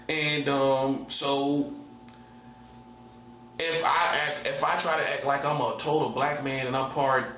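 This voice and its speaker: A man's voice: medium pitch, bright, forceful tone, roomy sound, slight background noise. Man, self-styled prophet, repetitive rhetorical monologue; dull lo-fi recording. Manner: repetitive, drives points home with rhetorical questions. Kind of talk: casual preaching monologue.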